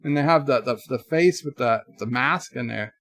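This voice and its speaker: A man's voice: medium pitch, moderate pace, fairly bright tone, no echo, studio quality, close to an everyday voice. A man putting on a bumbling Quebec character, hesitant and groping for words in a jokey way. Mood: goofy.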